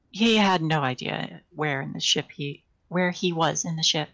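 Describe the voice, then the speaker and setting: A woman with a lowish, gravelly voice reads a novel aloud on a live stream. She reads unpolished, often tripping over a phrase and correcting herself before carrying on. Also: low-quality recording. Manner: unpolished live reading with frequent restarts and self-corrections. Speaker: reader.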